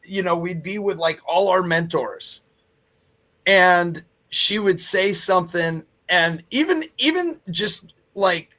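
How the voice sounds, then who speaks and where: A man's voice: sits high, expressive, slow, sharp tone. A man who is a pastor chatting on a faith talk show, laughing often and restarting his sentences.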